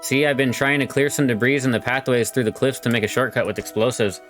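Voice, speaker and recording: A man voicing a gruff old retired whaler, reading game dialogue aloud. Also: mid-range voice, fairly even intonation, fast talker, a bit bright, faint music behind, natural voice.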